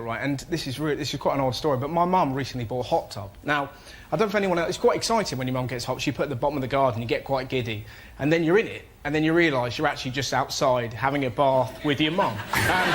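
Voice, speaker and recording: A young English man, a comedian on a panel show, telling cheeky stand-up stories to a studio audience and jumping into loud character voices. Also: fairly high pitch, a little hiss or hum. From England. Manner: cheeky, animated storytelling, jumps into shouted voices. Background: big laughing studio audience.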